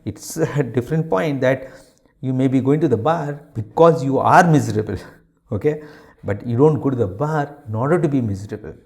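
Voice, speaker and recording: Mellow-voiced monk giving a spiritual talk. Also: male voice, mid-range voice, normal speed, gravelly. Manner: rhetorical questions answered with a firm no; hesitant fillers and restarts.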